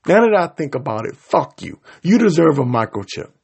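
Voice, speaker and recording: A man delivering a profane, confrontational rant straight to his audience, swinging between loud outbursts and low mutters. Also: sing-song, a little fast, creaky, husky. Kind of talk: profane angry rant to camera.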